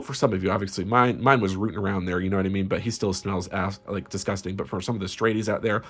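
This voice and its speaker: A man's voice: low voice, steady tone, quick pace, few pauses, fairly bright tone. A man giving a casual tarot reading in a crude, sarcastic and gleefully spiteful way. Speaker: tarot reader.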